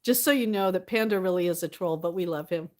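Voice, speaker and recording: A woman's voice: fairly low pitch, fast talker, a little mellow. Woman, livestream chatter, giggly, laughs a lot, greets viewers by name, casual. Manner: giggly, laughs often, reads out chat names. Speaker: live streamer.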